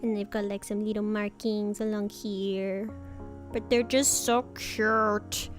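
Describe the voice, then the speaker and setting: A woman's voice: medium pitch, little pitch movement, slow pace, faint music behind. A woman chatting casually while drawing on a stream, rambling with lots of fillers and giggles.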